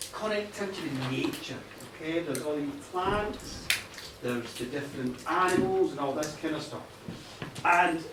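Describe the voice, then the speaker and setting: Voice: mid-range voice, a little hiss or hum. An Irish storyteller talking chattily to a live audience in a bar, laughing at their own jokes. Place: bar stage, live show. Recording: roomy live bar, distant mic.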